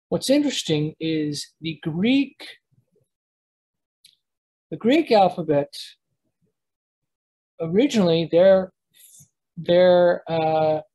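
Sharing the screen during a live online class, a language teacher walks through the material step by step. The delivery is halting, full of restarts and quick check-ins with students, in a medium-pitched, darkish voice.

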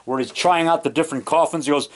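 A man with a somewhat high voice rambling through a show-and-tell of his collection. He corrects himself often and chuckles along the way. It is captured on a camcorder's built-in mic down in a home basement. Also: fairly even intonation, fast talker. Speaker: filmmaker and vlogger. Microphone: handheld camcorder mic.

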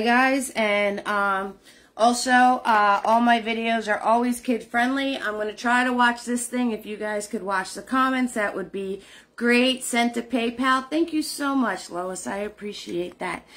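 A woman's voice: a little high, fairly bright tone. Chatty New woman hosting a live stream. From New Jersey. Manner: chatty, greets viewers by name, frequent fillers. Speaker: live painting class host. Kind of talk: casual live-stream chat.

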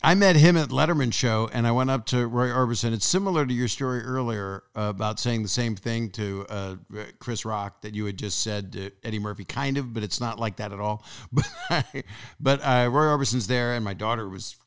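A man hosting a podcast in casual chat, joking and trailing off softly at the ends of thoughts. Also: mid-range voice, a little fast, smooth. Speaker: podcast host.

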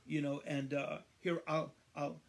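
A man leading a livestreamed Bible study, reading verses slowly and emphatically, repeating phrases and chatting to viewers. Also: on the high side, flat delivery. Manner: addresses viewers by name, conversational asides.

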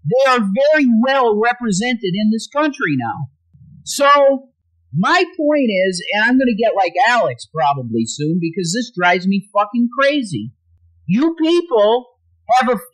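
A man's voice: very high-pitched, big pitch swings, unhurried, poor audio. A man hosting a livestream, ranting angrily with constant swearing. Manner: angry profane ranting, swings loud and quiet. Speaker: livestream host.

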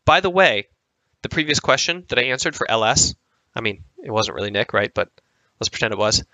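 A man's voice: mid-range voice, lively intonation, fairly quick, pushed and bright, no room sound, rough recording. A man hosting a show, answering viewer questions in a casual, emphatic monologue full of fillers and repeated lines. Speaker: sport psychology coach and show host.

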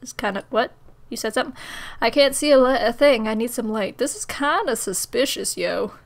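A woman's voice: a little high, animated, a little fast, gravelly. A woman casually commenting while playing a point-and-click game, giggling and swearing freely. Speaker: gamer. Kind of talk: let's play commentary.

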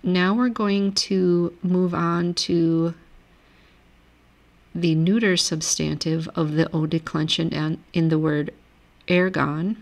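A woman with a lowish, gravelly voice teaches a grammar lesson, recorded at a desk mic over a shared screen. She reads vocabulary slowly and patiently, and she explains each rule one step at a time. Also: steady tone. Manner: patient, reads word lists aloud slowly. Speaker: language teacher.

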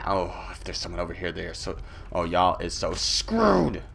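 A man giving playful let's-play commentary, goofy and taunting, with sudden loud outbursts. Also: sits low, very animated, moderate pace, creaky, slight background noise. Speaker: gameplay commentator.

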